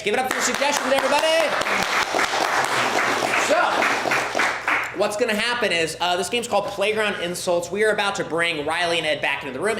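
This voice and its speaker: Lively man hosting a live comedy show. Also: high-pitched. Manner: upbeat, loud crowd-warming calls. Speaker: host of improv show. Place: theatre stage with live audience. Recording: echoey room, noisy audience.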